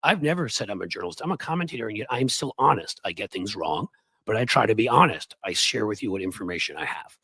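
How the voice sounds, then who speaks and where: A man's voice: expressive, quick pace, gravelly, sharp tone, husky, no room sound. Heated, sarcastic male political commentator. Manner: sarcastic, heated, swinging pitch.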